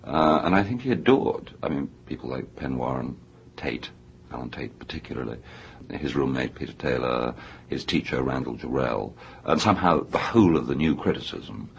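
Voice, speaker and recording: Gravelly, very deep-voiced English man. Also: expressive, moderate pace, dull audio, a little hiss or hum. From England. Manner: erudite, discursive, hesitant with many fillers. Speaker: author guest. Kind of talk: radio interview. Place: New York radio studio.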